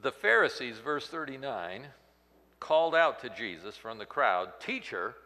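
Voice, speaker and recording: A man preaching a sermon, swinging from loud outbursts to hushed, near-whispered lines. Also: medium pitch, sing-song, unhurried, big-room sound. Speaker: pastor.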